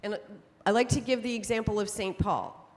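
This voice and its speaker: A middle-aged woman giving a conference talk to an audience, telling stories in a lively way and laughing often. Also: medium pitch, normal speed. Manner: lively storytelling with frequent laughs. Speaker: speaker on temperament psychology. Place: conference hall. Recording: long hall reverb.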